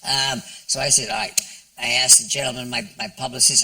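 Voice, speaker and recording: An older man recounts a story as a chat-show guest, halting and restarting as he goes. His voice is gravelly and very bright. He sits a little way from the microphone in a television studio. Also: mid-range voice, very animated, far from the mic, poor audio.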